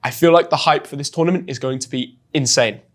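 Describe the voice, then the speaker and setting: A young man from England with an English accent, telling a story as a guest in an interview with lively, chatty energy and frequent restarts. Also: a little high, fast. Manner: chatty and animated, often restarts words. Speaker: guest, football influencer.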